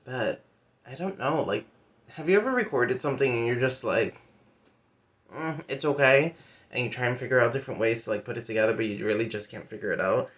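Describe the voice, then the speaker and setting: Expressive and quick, this man's medium-pitched voice carries a loose, chatty monthly reading wrap-up on his book vlog. Retelling a story, he leans on fillers such as "like" and "pretty much" and tosses in playful asides.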